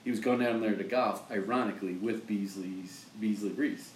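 A man's voice: lowish voice, normal speed. A man chatting casually about sports, telling stories and acting out both sides of conversations. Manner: animated storyteller, acts out both sides of conversations. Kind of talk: casual chat. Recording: roomy, from far off the mic, faint hiss.

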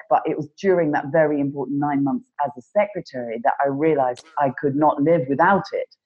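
A woman recalling her start in performing, speaking earnestly and reflectively in a relaxed conversation. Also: extremely low pitch, muffled recording. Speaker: panel guest, performer. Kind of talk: casual conversation. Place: home during lockdown.

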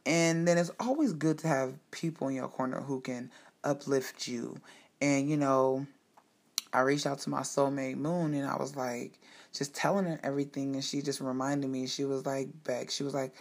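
A woman's voice: a bass voice, fairly even intonation, moderate pace, a little mellow. Candid woman sharing a personal story. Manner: heartfelt, emphatic storytelling with frank swearing. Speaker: host speaking to her audience.

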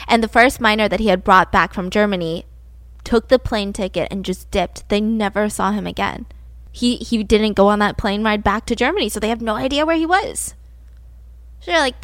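A woman hosting a podcast, telling a true-crime story in a casual, animated way and laughing as she goes. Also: medium pitch, fairly quick, dry recording. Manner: animated, laughs while telling, acts out quotes. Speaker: podcast host.

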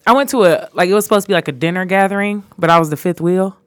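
A young woman co-hosting a casual podcast, telling work stories in an animated way, full of fillers. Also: fairly low pitch, rapid-fire, dry recording. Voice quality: animated storyteller, lots of fillers. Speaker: podcast co-host.

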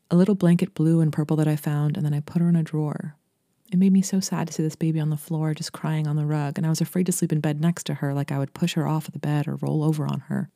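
A woman from Brooklyn, host and writer, reading a literary short story aloud in a steady, intimate storytelling manner. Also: sits low, no room sound, studio quality. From Brooklyn, New York.

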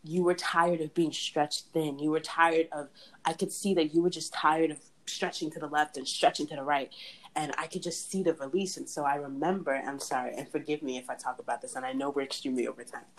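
A woman's voice: low-pitched, brisk, low-quality recording. A young woman hosting a casual faith chat, talking in a chatty way with frequent laughs and restarts. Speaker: podcast host.

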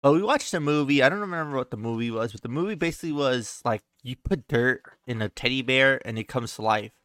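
A man's voice: medium pitch, lively intonation, fast, fairly bright tone, dry recording. A young man telling a childhood story in a loose, profane way on a podcast, full of "like" and "he's like". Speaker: podcast co-host. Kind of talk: casual storytelling.

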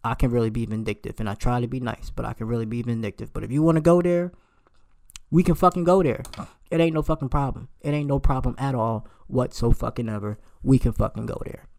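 A man's voice: quick pace, vocal fry. Fired-up man in his late twenties ranting. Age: late 20s. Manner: animated, profane, emphatic, voice jumps high when outraged. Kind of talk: heated storytime rant.

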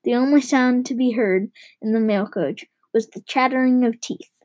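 A woman reading a children's novel aloud, her voice a touch high and full of expression. She carries the narration with an eager, lively storytelling manner. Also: normal speed, poor audio. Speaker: reader.

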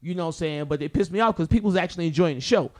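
A comedian telling a story in casual chat, animated and profane, acting out what people said. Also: male voice, fairly high pitch, rapid-fire. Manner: animated, profane, acts out quotes.

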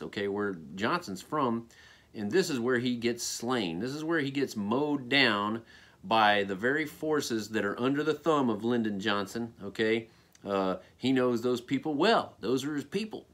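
A man's voice: mid-range voice, fairly bright tone. An American man giving a casual spoken opinion monologue, rambling with many fillers and checking in with "okay?". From United States. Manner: rambling, frequent "okay?" and "you know" fillers.

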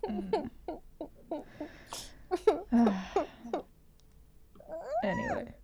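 A young adult woman co-hosting a podcast, relaxed and quick to laugh, sometimes reading passages aloud in casual chat. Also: high-pitched, slight background noise. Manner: relaxed, laughs often, reads aloud from sources. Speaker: podcast co-host.

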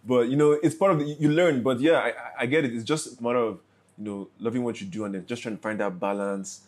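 A man hosting a podcast, chatting casually with a guest in a relaxed, slangy way. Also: medium pitch, fast talker. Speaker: podcast host. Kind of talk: casual interview chat.

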